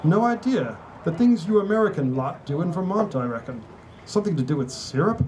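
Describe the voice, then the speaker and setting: A man's voice: fairly high pitch, expressive, a little fast, darkish tone, slight background noise, voice pushed up, close to an everyday voice, poor audio. A man doing a cheeky British rugby mate. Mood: teasing. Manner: chummy, teasing, upbeat. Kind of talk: live reading of a novel.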